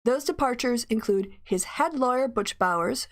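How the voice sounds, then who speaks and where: A woman's voice: fairly high pitch, animated, moderate pace. Gleeful chatty woman host. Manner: gleeful, laughing often, chatty asides. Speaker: livestream host. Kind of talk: casual commentary, reading news aloud.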